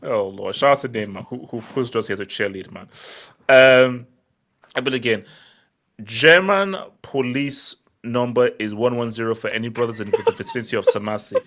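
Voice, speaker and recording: A man's voice: medium pitch, moderate pace, fairly bright tone. A man hosting a casual football chat over a video call, reading viewer comments aloud and teasing the others with lots of laughter.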